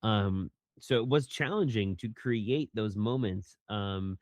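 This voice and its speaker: Man with a low, dry voice. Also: slow, a little mellow, dry recording. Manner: rambling, many fillers, acts out line readings. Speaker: voice director and actor. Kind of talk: casual interview answers.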